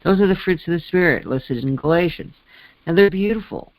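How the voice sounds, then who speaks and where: A man's voice: high-pitched, brisk, dry recording. A man from the Midwest co-hosting a podcast, talking casually with many restarts and asides. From American Midwest. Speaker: podcast co-host. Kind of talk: casual conversation.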